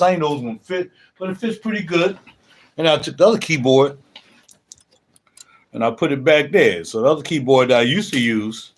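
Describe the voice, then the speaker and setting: An older man chatting casually on a livestream from his home music room, talking in a laid-back, rambling way with a lot of slang. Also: on the high side. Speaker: livestream host.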